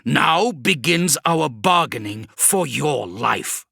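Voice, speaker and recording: A man narrating as a towering demon lord from a sci-fi audiobook, measured and scornful, every word unhurried. The voice swings between low and high and has a bright edge. It is recorded dry and close. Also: animated, gravelly, dry recording, heavily acted. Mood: menacing. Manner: slow, deliberate, contemptuous. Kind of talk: audiobook character reading.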